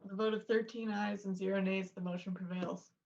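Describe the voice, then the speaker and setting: A woman clerk calling the roll in a brisk, businesslike way. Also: medium pitch, vocal fry. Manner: brisk, monotone. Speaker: committee clerk. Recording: slightly dull remote call audio.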